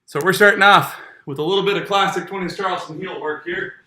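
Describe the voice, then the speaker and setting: A man's voice: high-pitched, steady tone, quick pace, bright, forceful tone. A man teaching a live online dance lesson, explaining moves and counting the beats aloud while he demonstrates. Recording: very echoey room, mic far off.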